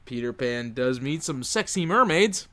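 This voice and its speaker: A man's voice: medium pitch, expressive, a little slow, a bit bright. A man co-hosting a podcast, dropping wry jokes and pushback in casual movie-review chat. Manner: wry, jokey interjections. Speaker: podcast co-host.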